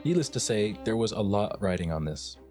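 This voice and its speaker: A man's voice: lowish voice, animated, fairly quick, music in the background. A young man narrating his game development with a joking, self-mocking manner. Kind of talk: scripted devlog narration.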